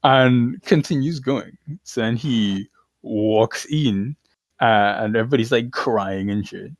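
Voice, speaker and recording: With no room sound, this medium-pitched male podcast co-host talks at a slow pace. He retells stories casually, irreverent and full of slang, laughing as he goes in a relaxed chat.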